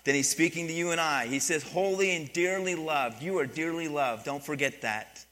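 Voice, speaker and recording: A middle-aged man, a pastor, preaching a sermon in an animated way, dropping quiet and then building up, often asking the congregation questions. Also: a little high, fairly quick.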